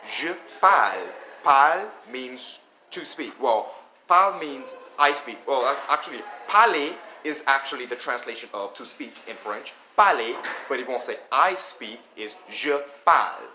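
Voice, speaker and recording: A man teaches a beginner lesson in a loose, repetitive way, often checking in with "okay?". His voice is bright and sits at an ordinary pitch. He was recorded in an echoey room with a faint hiss behind him. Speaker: language teacher. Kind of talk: casual spoken lesson.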